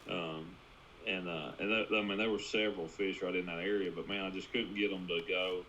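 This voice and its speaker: A man's voice: sits low, steady tone, a little fast, pushed and bright, dull audio, a little hiss or hum. A man, a guest angler, recounting a tournament in a laid-back, rambling way. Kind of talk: casual chat.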